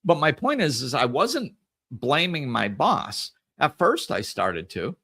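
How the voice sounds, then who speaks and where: A man hosting a podcast in a casual solo monologue, telling stories in an animated way and repeating phrases for emphasis. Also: mid-range voice, slow pace, breathy edge. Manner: animated storytelling, acts out conversations. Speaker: podcast host.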